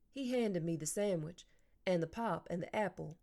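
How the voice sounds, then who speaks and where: A woman narrating a children's novel in an even, clear storytelling voice. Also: lowish voice, normal speed. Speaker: audiobook narrator. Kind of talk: audiobook reading.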